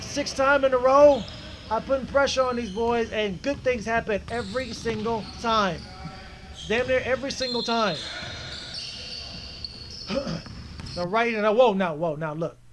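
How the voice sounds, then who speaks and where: An amateur basketball player breaks down video of his own game, his exasperated, emphatic commentary repeating itself often. His voice sits high, with slight background noise.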